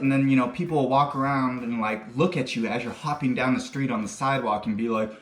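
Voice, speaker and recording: In an echoey home kitchen with faint music, a man hosts a casual cooking demonstration, talking crudely and wandering into joking, rambling asides. His mid-range voice moves fast with few pauses.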